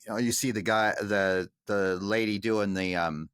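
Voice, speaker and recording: A man's voice: fairly low pitch, fairly even intonation, normal speed, fairly bright tone, clear, resonant tone, no room sound, clean studio sound. A man co-hosting a podcast, agreeing and adding anecdotes in casual chat. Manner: agreeable, chimes in with asides and anecdotes. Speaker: podcast co-host.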